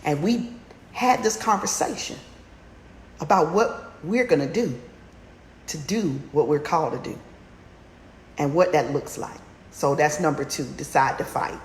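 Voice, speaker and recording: A woman with a slightly low voice coaches listeners through a women's challenge, driving home her points with fiery repetition. She climbs into near-shouts as she urges them on. The sound is roomy and echoey, with a faint hum of background noise. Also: a little slow, pauses often. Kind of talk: motivational livestream talk.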